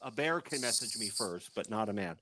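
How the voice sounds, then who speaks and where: Wisecracking man with a lively pitch. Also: fairly quick, crowd noise. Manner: dry wisecracking asides. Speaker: podcast co-host. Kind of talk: casual chat.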